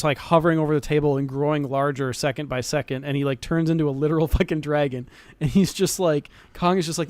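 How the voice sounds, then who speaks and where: A man co-hosting a casual anime podcast, excited and slangy, laughing often. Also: fairly high pitch, no echo. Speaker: podcast co-host. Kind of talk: casual chat.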